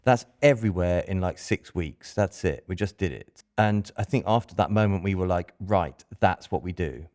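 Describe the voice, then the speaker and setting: A man's voice: deep voice, normal speed, hardly any pauses, a little mellow. A man, a band member chatting loosely about touring on a podcast. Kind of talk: casual podcast chat.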